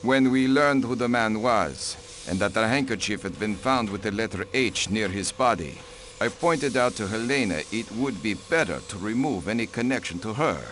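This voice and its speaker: An actor playing a haughty count and diplomat in a murder mystery game, curt and dismissive. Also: male voice, on the low side, moderate pace, fairly bright tone, lightly acted. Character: haughty male count, diplomat, cold and protective.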